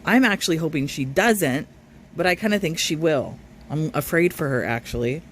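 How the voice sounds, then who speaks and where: A man's voice: a little high, lively intonation, moderate pace, a bit bright, slight background noise. Man reacting to a live stream. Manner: reads viewer comments aloud, then argues back. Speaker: reaction commentator.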